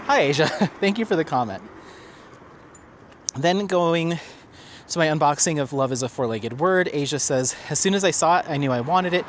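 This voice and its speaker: With background noise behind him, a man with a slightly high voice vlogs as he walks his dog on a neighborhood street outdoors. His relaxed chat, including viewer comments read aloud, is dotted with fillers and restarts.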